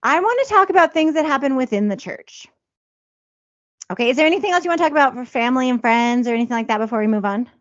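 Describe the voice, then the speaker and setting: A woman in her thirties tells her story in a relaxed, heartfelt podcast chat, leaning on fillers as she goes. Her voice sits a little high. The recording is dry and a bit muffled. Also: fast talker, no room sound. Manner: emotional, confessional, many fillers like "you know". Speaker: podcast co-host.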